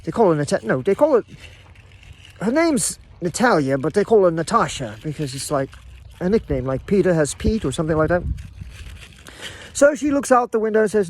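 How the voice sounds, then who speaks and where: Rambling man with a lively, high voice. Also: brisk, long pauses. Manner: rambling, stammering restarts. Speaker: vlogger. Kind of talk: casual rambling monologue.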